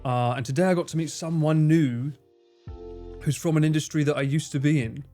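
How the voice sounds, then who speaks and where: A man's voice: fairly high pitch, steady tone, brisk, mellow, soft background music. A man hosting a casual livestream, reading viewer messages with lots of swearing and self-mocking jokes. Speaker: livestream host.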